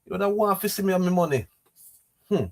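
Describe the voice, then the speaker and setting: A man's voice: sits high, a little fast. A man talking in a rambling, repetitive and emotional way, streaming outdoors near trees. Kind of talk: casual rambling monologue.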